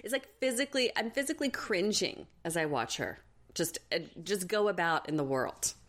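A woman's voice: fairly low pitch, expressive, moderate pace, fairly bright tone. A woman hosting a podcast, chatting casually and sarcastically while recapping a TV show with dramatic retellings. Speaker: podcast host.

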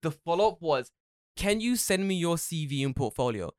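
A man co-hosting a casual podcast, telling animated stories, swearing freely and acting out other people's voices. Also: fairly high pitch, normal speed, dry recording, clean studio sound. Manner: animated storytelling, swears a lot, mimics people. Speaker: podcast co-host.

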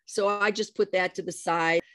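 Casting note: middle-aged woman guest, vivid storyteller, dry close sound, lively delivery. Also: lowish voice, moderate pace, no room sound. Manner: lively, animated retelling with acted-out quotes. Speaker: guest, adoptee telling her story. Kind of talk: personal storytelling in conversation.

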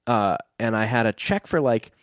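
A man's voice: medium pitch, lively intonation, normal speed, no room sound, clean studio sound. A young adult man telling a long family story in casual chat, rambling with fillers and restarts.

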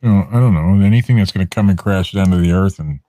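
A man co-hosting a podcast, chatting casually with short, deadpan replies. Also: low voice, fast, no room sound. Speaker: podcast co-host. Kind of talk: casual chat.

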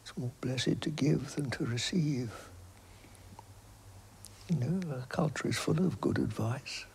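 An older man giving reflective interview answers, halting and hesitant with many restarts, often dropping to a soft, near-whispered delivery. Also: mid-range voice, creaky, husky.

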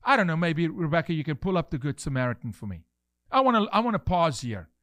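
A South African man with a slightly high, bright voice hosts a podcast, speaking fast with big pitch swings and no room sound. His impassioned commentary is fervent and preachy, full of rhetorical questions, and includes scripture reading.

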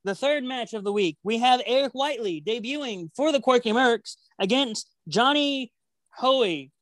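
Her voice sits fairly high with no echo on the recording. As a podcast co-host making match predictions, she keeps things chatty, rambling, and playfully competitive in a relaxed conversation.

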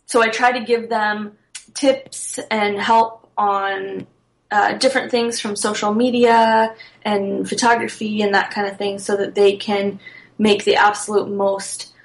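A woman's voice: medium pitch, flat delivery, measured pace, gravelly, rough recording. A woman guest on a podcast, earnestly explaining her wedding blog business with small restarts. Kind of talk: casual interview answers.

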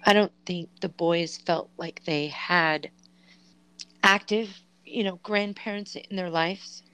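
A woman with a very low voice talks slowly on a podcast, stopping often with ums and you-knows. Her speech is halting and reflective, in a casual conversational tone. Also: steady tone, bright, forceful tone, clear, resonant tone, no room sound, rough recording. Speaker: podcast co-host. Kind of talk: casual chat.

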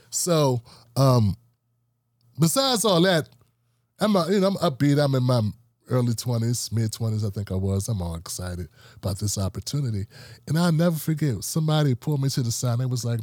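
Male podcast host, 40s, slightly high voice, casual storyteller who acts out quotes, dry close mic. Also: a little fast, no echo. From Washington, D.C. area. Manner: animated, acts out quoted coworkers.

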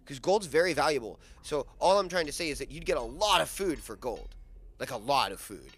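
A man's voice: a little high, lively intonation, brisk, a bit bright. A man playing an eager eleven-year-old boy who rambles with lots of fillers.

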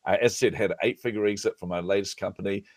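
In a relaxed podcast interview, a middle-aged business coach tells lively stories and acts out what people said. He speaks very fast at a fairly low pitch, and there's no room sound.

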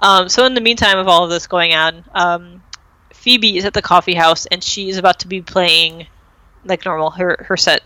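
Chatty bright-voiced young woman recapping. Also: fairly low pitch, fairly even intonation, moderate pace, dry recording, low-quality recording. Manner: chatty retelling with many fillers and acted-out quotes. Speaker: podcast host recapping a TV episode. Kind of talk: casual chat.

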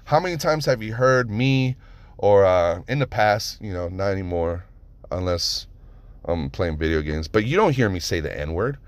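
A man hosting a podcast, telling stories in a casual monologue, animated and profane, with lots of rhetorical questions. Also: low voice, normal speed, dry recording. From United States (Nevada). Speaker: podcast host.

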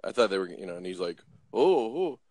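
Middle-aged guest raconteur, male, low-pitched, swears, acts out every line. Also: rapid-fire, dry recording. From Los Angeles. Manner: animated, acts out voices, swears, frequent restarts. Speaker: guest storyteller. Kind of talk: casual storytelling.

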